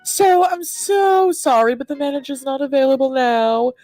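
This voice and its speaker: A nervous drive-through worker in a cartoon parody stammers out over-polite replies, played by a woman. The voice is high and dry, with careful, hesitant pauses. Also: animated, a little mellow, no echo, faint music behind. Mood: apologetic. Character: flustered polite fast-food employee.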